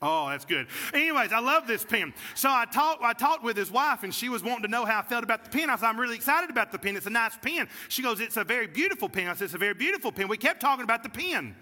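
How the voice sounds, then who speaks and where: A high-pitched man with a very bright, cutting voice preaches a sermon. He tells a story, then rises into fervent preaching. The long reverb of the church sanctuary trails after his words. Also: very animated, quick pace, few pauses. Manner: storytelling, builds to preaching fervor. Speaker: pastor.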